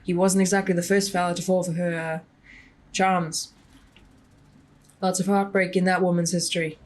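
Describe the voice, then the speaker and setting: A woman's voice: fairly low pitch, level tone, normal speed, darkish tone, natural voice. A woman voicing a gossiping adult male miner who talks in a conspiratorial, insinuating way, reading his lines from a story game.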